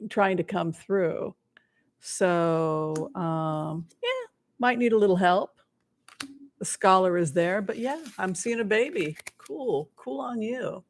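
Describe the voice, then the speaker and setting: A bubbly woman chats her way through tarot readings for an online audience. Her talk is playful and warm-hearted, full of little asides and exclamations, set at a middling pitch. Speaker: tarot reader. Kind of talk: live-stream tarot readings for viewers.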